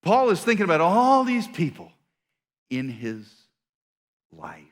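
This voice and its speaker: A man's voice: sits high, sing-song, measured pace, in a large hall. A man giving a storytelling sermon as a pastor, playful and self-mocking as he teases the audience. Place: church auditorium.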